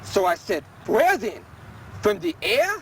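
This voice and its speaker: A man's voice: a little high, lively intonation, measured pace, fairly bright tone. A man playing an eccentric cabbage tycoon who puts on a fake German accent and talks in a pompous, self-important way, in an amateur 1970s mockumentary. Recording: distant, noisy 1970s field recording.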